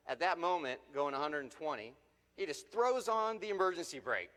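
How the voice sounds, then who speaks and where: Man telling stories in a big hall. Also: a little fast. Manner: animated storyteller, jumps up in pitch for quoted people. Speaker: motivational speaker. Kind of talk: motivational storytelling speech. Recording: long reverb of a large hall.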